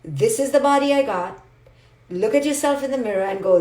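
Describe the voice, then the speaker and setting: A woman psychologist gives a live motivational talk, speaking straight to her listeners in an emphatic, repetitive way with acted asides. Her voice runs on the high side, animated and fairly quick, a little mellow, with a roomy sound.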